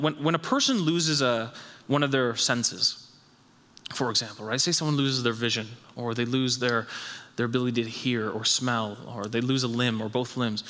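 A man preaching a sermon as pastor, emphatic and repetitive, his voice rising high when he stresses a point. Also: pushed and bright, in a large hall. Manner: emphatic, repeats phrases, rises in pitch when stressing a point.

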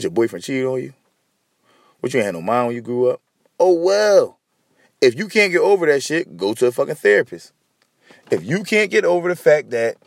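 On his solo podcast, a man rants bluntly and with profanity, addressing his listeners directly. His voice is mid-range, and the recording has no room sound.

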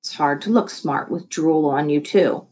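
A woman reading a first-person children's novel aloud with wry, expressive storytelling. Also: low-pitched, a little slow, slight background noise. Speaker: audiobook reader. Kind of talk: first-person scripted narration.

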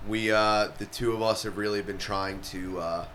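A man's voice: fairly low pitch, fairly even intonation, moderate pace, a bit bright, a little hiss or hum. A man hosting a podcast, talking casually in a crude, blunt and profane way. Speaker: podcast host. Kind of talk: casual chat.

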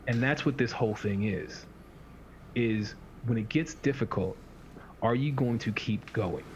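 A man's voice: mid-range voice, measured pace, a little mellow. A man talking as a fitness coach in a casual podcast chat, rambling and acting out the inner voices of his clients. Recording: dull lo-fi sound with faint hiss.

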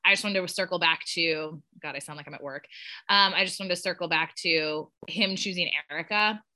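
A woman with a very bright, forceful voice talks in a casual group chat about a TV show. She is animated, swears casually and acts out her own reactions. She is heard over a video call. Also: on the low side, fairly quick. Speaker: podcast co-host.

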